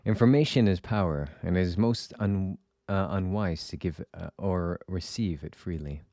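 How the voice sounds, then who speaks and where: Guy reading out a polite guarded doctor dude, kinda deep and quiet, dead dry audio. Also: moderate pace, dry recording. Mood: reserved. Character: calm, courteous male doctor, measured and guarded. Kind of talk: reading game dialogue aloud.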